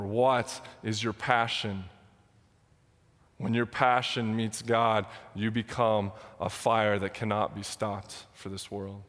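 Passionate young pastor in a reverberant sanctuary. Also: male voice, fairly low pitch, fairly bright tone. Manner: passionate, emotional, near tears. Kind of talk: sermon and prayer. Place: church sanctuary. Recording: long hall reverb.

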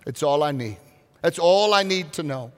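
Male pastor, high voice, earnest sermon, long hall echo. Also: animated. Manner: earnest preaching with slow, drawn-out emphasis. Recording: reverberant hall.

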